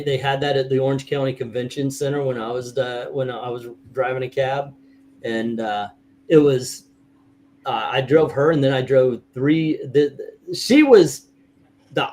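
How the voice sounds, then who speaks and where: A middle-aged man hosting a casual livestream chat, rambling with halting restarts and chuckles. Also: medium pitch, darkish tone, slight background noise. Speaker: host.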